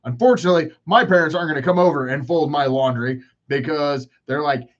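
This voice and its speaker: Brisk and on the high side, a man in his forties runs a one-person podcast full of rambling, profane rants at his own expense. The recording is muffled.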